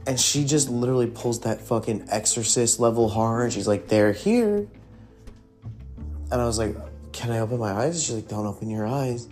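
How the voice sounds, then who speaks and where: A man's voice: mid-range voice, fairly even intonation, brisk, a little mellow. A young man casually telling a ghost story from his youth, rambling and swearing, with lots of fillers. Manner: profane, rambling, heavy with fillers. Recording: faint guitar music behind.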